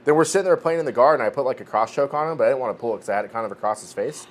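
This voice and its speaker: A man's voice: mid-range voice, lively intonation, racing, slight background noise. A man in his forties, a podcast co-host telling a training story in a casual chat, swearing freely and restarting his sentences. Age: 40s.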